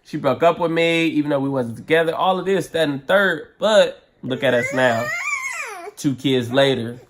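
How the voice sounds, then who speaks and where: A man's voice: a little high, moderate pace, a little hiss or hum. A man in his twenties chatting casually on a vlog, laid-back and joking with a slightly boastful tone. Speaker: vlogger, co-host. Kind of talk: casual storytelling.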